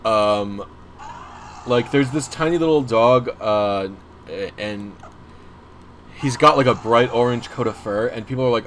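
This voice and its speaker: A man's voice: mid-range voice, measured pace, pauses often, fairly bright tone, slight background noise. A young man chatting casually on a livestream, rambling and self-deprecating as he talks to viewers. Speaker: streamer.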